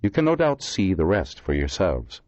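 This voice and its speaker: A man doing a soft-spoken Dublin medical examiner in his sixties. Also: low voice, wildly swooping pitch, normal speed, no echo. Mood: clinical. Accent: Dublin Irish. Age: 60s. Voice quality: soft, precise. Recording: dull lo-fi dry recording.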